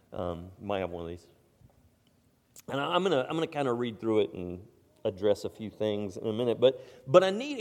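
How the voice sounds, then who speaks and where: A middle-aged man giving a conversational sermon as pastor, with stammered restarts, soft asides and sudden loud emphatic stretches. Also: medium pitch. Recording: long hall reverb.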